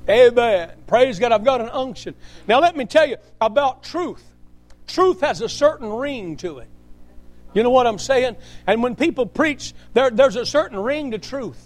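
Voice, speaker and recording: A man's voice: very high voice, expressive, normal speed. A man preaching a sermon as pastor, emphatic and punctuated with frequent amens and praise interjections.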